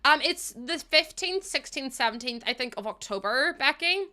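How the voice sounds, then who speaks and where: Bright-voiced woman streamer. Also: high voice, animated, moderate pace. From Ireland. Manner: rambling, chatty, laughs often, talks to chat. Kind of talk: casual livestream chat while playing.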